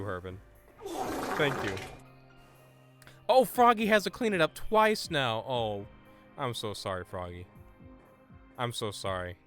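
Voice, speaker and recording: A man streaming a game live, chatting excitably with viewers and stammering over his words. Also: on the high side. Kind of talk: live gameplay stream chat.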